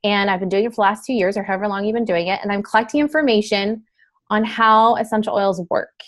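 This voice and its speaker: A woman teaching a class in a chatty, casual way, with many fillers and quick switches into acted examples. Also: medium pitch. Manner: chatty, filler-heavy, breaks into role-play quotes. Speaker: wellness sales trainer. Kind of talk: casual instructional talk.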